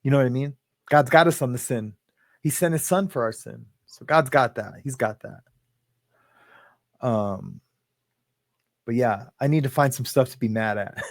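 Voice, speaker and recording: A man's voice: mid-range voice, normal speed, gravelly, pauses often, dry recording, studio quality. A man hosting a casual live stream, rambling, laughing often and greeting viewers in the chat by name. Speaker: livestream host.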